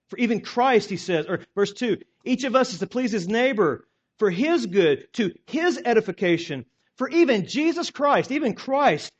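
High-voiced pastor preaching hard, gets loud then drops real quiet, kinda muffled lo-fi audio. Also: male voice. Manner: emphatic preaching with sharp rises and quiet drops. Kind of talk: sermon. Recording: dull lo-fi recording.

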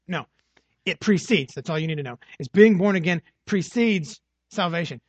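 A man's voice: high voice, animated, normal speed, breathy edge, dry recording, highs cut off. A man preaching an expository sermon, emphatic, often repeating phrases and asking "right?" to drive a point home.

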